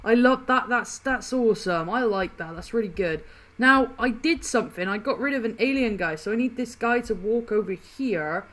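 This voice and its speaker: A woman with a fairly high voice talks her way through a video game, chatty and easily excited. She laughs often and reacts loudly to what happens on screen. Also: normal speed. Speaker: gaming channel host. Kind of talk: casual gameplay commentary.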